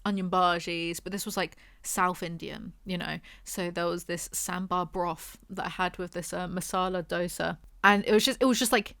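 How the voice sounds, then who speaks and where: A woman's voice: fairly low pitch, fairly bright tone, no echo. A British woman giving a casual book review from a hotel room, chatty and rambling, with sarcastic asides.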